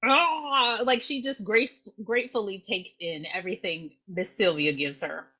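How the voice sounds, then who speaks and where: A woman's voice: mid-range voice, unhurried, bright, forceful tone, husky. A woman co-hosting a podcast, chatting casually and playfully about a movie and joking along. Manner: playful, jokey, quotes songs. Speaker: podcast co-host. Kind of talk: casual movie recap chat.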